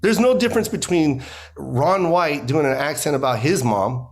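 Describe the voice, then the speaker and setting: Animated middle-aged man, emphatic. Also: fairly high pitch, normal speed. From United States. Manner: animated, emphatic, repeats "you know". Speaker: guest comedian. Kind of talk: conversational interview.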